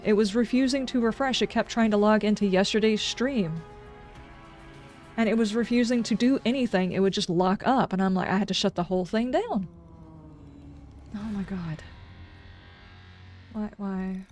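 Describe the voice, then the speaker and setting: Brief: woman streamer, casual exasperated rant, mid pitch, low music bed. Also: a little mellow. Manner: exasperated ranting with sarcastic asides. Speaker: game streamer. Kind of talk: casual livestream chat.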